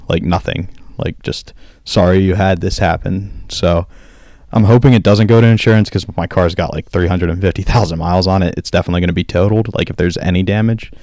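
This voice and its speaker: Low and mellow, a man's voice comes through with no room sound as he rambles through a long anecdote on a casual podcast, voicing everyone's dialogue himself.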